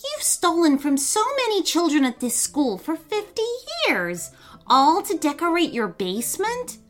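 A woman's voice: high-pitched, big pitch swings, measured pace, voice pushed up. Woman voicing a firm, determined schoolgirl. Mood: insistent. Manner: firm and insistent. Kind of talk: storybook reading.

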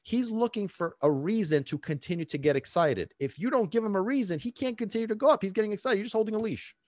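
Talking fast in a high-pitched voice, a man runs a solo dog-training podcast, cursing freely and teasing his audience with quiz questions. His delivery is lively, swinging between loud and hushed, on a dry recording.

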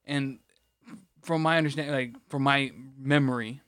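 A man rants on a podcast in a rambling way, stopping and restarting his sentences and swearing often. His pitch is average. The sound is close and dry. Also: fairly even intonation, normal speed, fairly bright tone, clean tone, dry recording. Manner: rambling, restarts a lot, profane rant. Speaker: podcast co-host. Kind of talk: casual ranting chat.

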